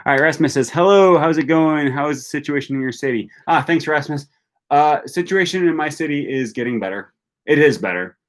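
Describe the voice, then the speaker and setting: A young man hosting a language-learning live stream, reading out viewer questions and answering them in a relaxed, chatty way with plenty of ums and restarts. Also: fairly high pitch, a little fast. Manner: reads viewer questions aloud and answers chattily, many fillers.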